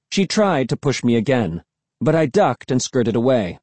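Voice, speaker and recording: A man reads a first-person children's story with an animated, rising and falling delivery. His tone is mellow and a bit husky. The recording is dry and close, with no room sound. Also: mid-range voice, normal speed, no echo. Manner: expressive, animated. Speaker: audiobook narrator. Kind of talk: scripted first-person narration.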